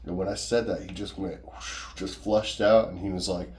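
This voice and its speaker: Deep-voiced man telling a rambling story. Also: steady tone, brisk, hardly any pauses, a little mellow. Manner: rambling, profane, conversational. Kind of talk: casual personal storytelling.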